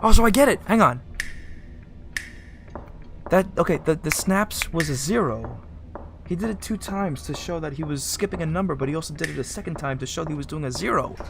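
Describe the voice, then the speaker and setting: A man hosting a let's play, talking himself through a puzzle out loud in an excitable, chatty way. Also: fairly high pitch, brisk, gravelly, noisy background. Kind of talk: gameplay commentary. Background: loud game music.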